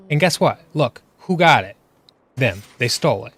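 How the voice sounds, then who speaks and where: A man's voice: medium pitch, animated, moderate pace, vocal fry, a bit bright, dry recording. A man giving exasperated, ranting commentary over gameplay footage, full of rhetorical questions. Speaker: gaming video creator.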